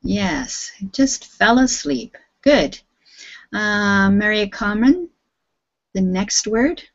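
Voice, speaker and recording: A woman teaching an English vocabulary class, speaking patiently and enunciating every word clearly. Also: mid-range voice, animated, extremely slow, dull audio.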